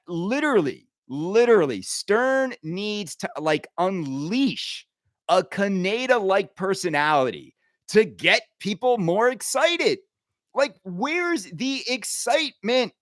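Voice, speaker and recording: A man hosting a podcast, ranting casually with sarcasm and quick asides. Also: high-pitched, no room sound, studio quality. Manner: animated, sarcastic, riffing with laughs and mock impressions. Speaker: podcast host.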